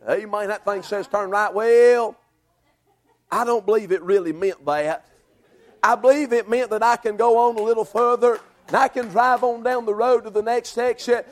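High-voiced preacher with "uh" cadence. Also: male voice. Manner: rhythmic preaching, frequent "uh" and "amen" fillers, swings from shouting to low murmurs. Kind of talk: Southern revival sermon.

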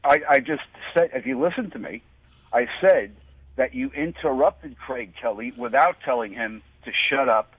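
A man's voice: medium pitch, moderate pace, slightly rough, no room sound. An American man calling in to a radio show, indignant and persistent, with a sarcastic edge. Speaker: caller. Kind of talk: call-in radio argument. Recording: dry tinny phone line.

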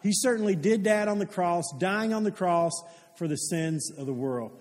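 A man with a notably high voice delivers a sermon, telling stories with earnestness and putting questions to the listeners. His words ring out with a long reverb trailing after them, like a large church sanctuary. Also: normal speed, a little mellow. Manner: earnest storytelling, asks the congregation questions. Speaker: pastor. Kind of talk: sermon with storytelling.

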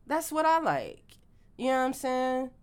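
A woman's voice: sits high, sing-song, measured pace, smooth. A woman in casual chat, talking emphatically and animatedly, swearing freely.

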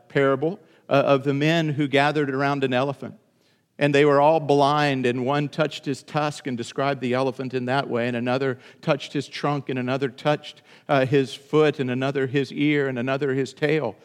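Man preaching, earnest and emphatic, middle pitch, long echo like a big church. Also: fairly even intonation, normal speed. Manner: earnest preaching, rising to emphatic high bursts. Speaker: pastor. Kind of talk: sermon.

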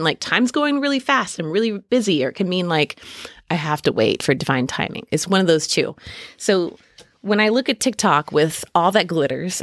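Chatty woman podcaster, low voice, dry sound. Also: no room sound. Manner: chatty and self-deprecating, laughs often, lots of ums and likes. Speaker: podcast host doing a tarot reading. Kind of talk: casual spiritual podcast monologue. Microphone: podcast mic.

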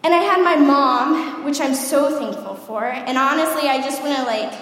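Young female speaker, high-pitched, chatty and animated sermon testimony, heavy hall echo. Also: moderate pace. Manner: animated, chatty, asks "okay?" often. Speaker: youth speaker giving testimony. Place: large hall with audience. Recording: echoey hall, room mic.

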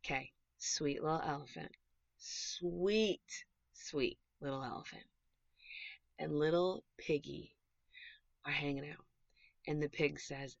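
A woman hosting her own podcast as a dog trainer, chatty and animated, gushing as she talks in a casual way. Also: sits low, slow, creaky, long pauses, dry recording. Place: small closet recording space. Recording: dull, dry closet recording.

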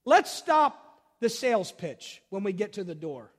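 A middle-aged man and pastor preaching a sermon, switching between loud, urgent emphasis and quiet storytelling, repeating phrases and speaking straight to his listeners. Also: high-pitched, sing-song, unhurried. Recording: long reverb of a large hall.

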